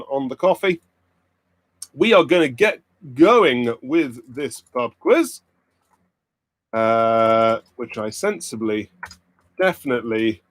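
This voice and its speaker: A man hosting a livestreamed pub quiz in casual chat, rambling with many fillers and breaking into sudden upbeat bursts, into a computer mic. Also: medium pitch.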